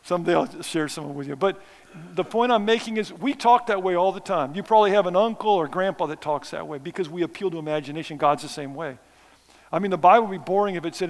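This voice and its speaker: Self-mocking preacher in a reverberant hall. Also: male voice, sits high, fast. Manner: conversational, self-deprecating, sarcastic asides. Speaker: missionary preacher. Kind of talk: sermon. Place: church sanctuary.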